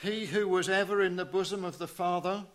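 A man preaching a sermon in a measured way, asking rhetorical questions and dropping to a hush on key phrases. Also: high-pitched, steady tone.

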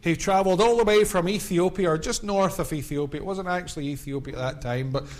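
Man, middle-aged, preacher, evangelistic sermon, impassioned, repetitive cadence, slightly high voice. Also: fast talker.

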